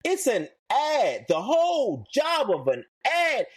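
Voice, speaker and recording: A man's voice: slow, breathy edge. Guy on a podcast going off about stuff, voice jumps all over, slangy and loose. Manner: animated, ranting, pitch climbs high when worked up; slangy casual speech. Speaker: podcast co-host. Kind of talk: casual podcast chat.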